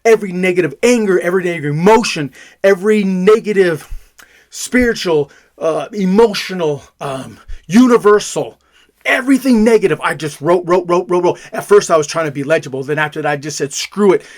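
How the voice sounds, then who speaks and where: A father with a high, fairly quick voice tells his own story emphatically, repeating words to drive his points home.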